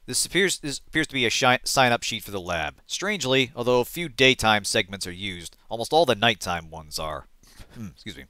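A man hosting a let's play, reading game text aloud and thinking out loud, often trailing off and correcting himself. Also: medium pitch, expressive, brisk, no echo.

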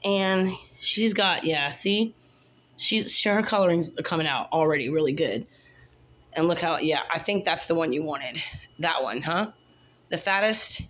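A woman's voice: deep voice, a little slow, fairly bright tone, a little hiss or hum. A woman, chatting casually as she shows her kittens one at a time and coos at them in baby talk, filmed on a handheld phone. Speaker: cat breeder showing kittens. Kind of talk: casual kitten showcase vlog.

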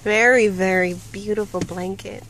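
A woman's voice: medium pitch, fairly even intonation, normal speed, background noise. A woman chatting casually beside the unboxing, admiring with short exclamations. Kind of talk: casual chat.

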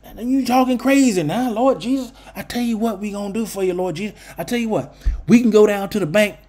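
A man's voice: high-pitched, a little fast, a little mellow. A man putting on a sneering, scheming temple leader. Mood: mocking. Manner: sarcastic, slangy, wheedling then plotting. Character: scheming, greedy male temple leader mocking Jesus.

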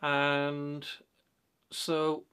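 A man's voice: a little high, monotone, extremely slow, sharp tone, clear, resonant tone. A man giving blunt, rambling money advice in a casual vlog monologue, full of fillers and restarts. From Britain. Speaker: vlogger.

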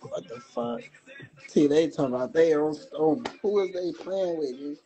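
A young man, fired up and cursing as he rambles through a phone livestream. His voice sits a bit high for a man. Faint music plays behind him. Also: moderate pace, mellow, muffled recording. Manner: agitated, profane, rambling. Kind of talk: casual livestream talk reacting to comments.

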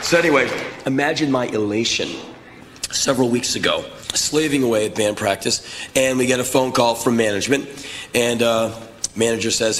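A man performing live spoken word, telling stories in an intense, animated, profane way. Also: medium pitch, moderate pace. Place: stage in a large venue. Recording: echoey live venue with crowd noise.

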